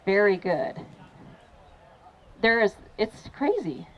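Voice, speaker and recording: A woman fitness trainer running a lively training demo for a crowd at an outdoor event, encouraging and laughing often. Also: mid-range voice, slow, highs cut off.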